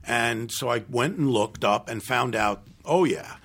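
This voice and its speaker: A gravelly, husky older man recalls his filmmaking days in a loose, rambling way. He often restarts his sentences and acts out what other people said. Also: medium pitch, unhurried, a bit bright. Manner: rambling anecdotes with restarts and acted-out quotes. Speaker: film director. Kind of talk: casual interview storytelling.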